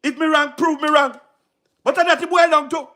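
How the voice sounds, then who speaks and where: A man's voice: extremely high pitch, flat delivery, moderate pace, pushed and bright. A man with a Jamaican accent delivering passionate political commentary on a livestream, emphatic and repetitive, asking rhetorical questions. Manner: emphatic and repetitive, frequent rhetorical questions, laughs between points.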